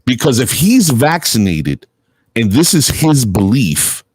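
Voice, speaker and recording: The middle-aged host of a casual call-in show has a mid-range, slightly rough voice and speaks at a measured pace, recorded without room sound. He's an animated storyteller who laughs often and swears freely.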